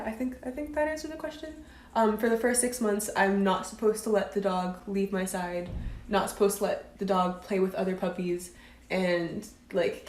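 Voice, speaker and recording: A woman's voice: mid-range voice, a little mellow. A chatty woman in her twenties answers viewer comments on a casual live stream. She talks loosely and leans on "um" and "like" between thoughts. Her voice sits in a roomy space with noticeable echo. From United States. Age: 20s. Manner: chatty, fillers like "um" and "like".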